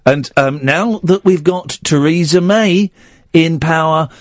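A man's voice: a little high, slow, dry recording. A man hosting a radio show in a studio, talking in a rambling, jokey and self-mocking way. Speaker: radio host. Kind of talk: casual radio chat. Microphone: studio mic.

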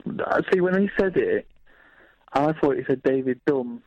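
A man calling in to a late-night radio show, speaking in a relaxed, plain-spoken way. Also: mid-range voice, normal speed, no room sound. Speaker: caller. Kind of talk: phone-in call. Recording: muffled phone line.

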